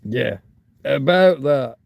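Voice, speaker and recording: A man's voice: medium pitch, lively intonation, slow pace, creaky, no room sound. A man hosting a rambling, casual livestream, musing aloud and swearing now and then. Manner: chatty, swears, muses aloud while reading. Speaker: livestream host. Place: home, Torrevieja.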